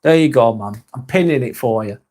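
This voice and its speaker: A man's voice: medium pitch, lively intonation, brisk, darkish tone. A man hosting a casual live vlog, reading viewer comments aloud and chatting with them, swearing casually. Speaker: live stream host reading chat.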